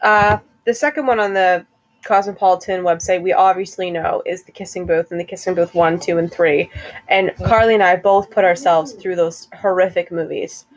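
A young woman co-hosting a casual chat, rambling and chatty with quick bursts of laughter. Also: lowish voice, steady tone. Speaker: co-host.

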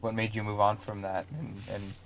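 A man's voice: lowish voice, level tone, normal speed, a little hiss or hum, natural voice. A man voicing a hesitant young traveler in a tabletop role-play, stammering and full of fillers. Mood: curious.

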